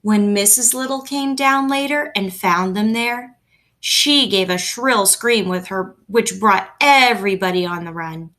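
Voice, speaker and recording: A woman reading a children's book aloud at home, in a gentle, expressive storytelling manner. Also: medium pitch, a little slow. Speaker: reader.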